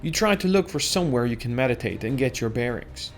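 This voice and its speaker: Male gamer reading a text adventure aloud, steady second-person narration, mid-pitched voice, faint music. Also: fast. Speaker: game player and narrator.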